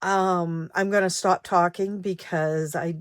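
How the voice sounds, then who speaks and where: Slow, halting older woman vlogger. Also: on the low side, steady tone, no echo, studio quality. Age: 60s. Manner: halting, with many ums and restarts; reflective, emotional, grieving. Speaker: savings vlogger. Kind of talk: personal vlog chat.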